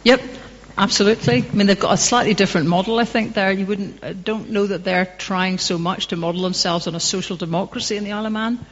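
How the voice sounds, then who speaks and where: A woman's voice: medium pitch, steady tone, fast. A woman from Northern Ireland answering audience questions after a public talk, conversational and passionate, telling anecdotes. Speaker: guest speaker. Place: public hall. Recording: dull echoey hall recording.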